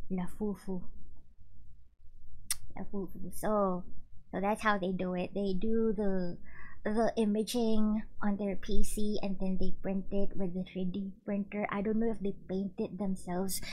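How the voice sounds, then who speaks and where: A young woman chats on stream, bubbly and quick to giggle. Her voice sits at an ordinary middle pitch. A faint hum of room noise lingers under her desk-mic talk. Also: warm tone, poor audio. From Philippines. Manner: bubbly, giggly, chatty with chat. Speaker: VTuber streamer. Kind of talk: casual stream chat.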